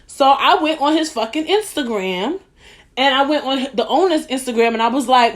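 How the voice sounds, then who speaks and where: A young woman telling a story as a podcast host, blunt, profane and animated. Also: sits high, normal speed. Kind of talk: casual monologue.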